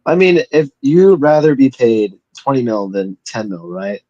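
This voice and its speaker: A man's voice: mid-range voice, big pitch swings, a little slow, dark tone, dry recording, lo-fi sound. A man chatting casually on a podcast, giving laid-back opinions with fillers like "you know" and "I mean". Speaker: podcast co-host. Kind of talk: casual chat.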